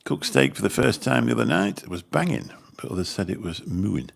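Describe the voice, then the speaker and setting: A man's voice: deep voice, big pitch swings, a little fast, gravelly, breathy edge. A man with a Birmingham accent, rambling casually as he chats with viewers on a livestream, swearing mildly. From Birmingham, England. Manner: rambling, chatty, mild swearing. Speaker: channel host chatting with viewers.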